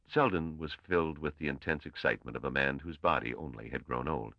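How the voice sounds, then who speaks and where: Very deep-voiced male audiobook narrator. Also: fast, hardly any pauses, dry recording, dull audio. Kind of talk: scripted narration.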